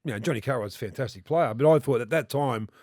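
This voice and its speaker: An Australian man in his fifties, a former rugby league player, telling rambling, animated stories in casual chat and swearing freely. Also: mid-range voice, fast talker, no echo, clean studio sound. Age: 50s.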